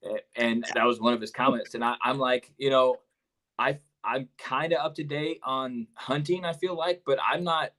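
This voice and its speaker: A man's voice: mid-range voice, steady tone, moderate pace, a bit bright, low-quality recording. A man speaking candidly and plainly in a casual podcast chat.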